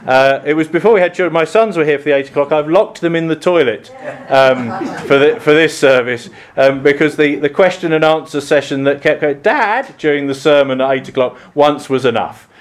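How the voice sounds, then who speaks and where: Man, southern English accent, priest, sermon, chatty, halting, church. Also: fairly high pitch. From England. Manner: chatty, self-deprecating, many ums and restarts.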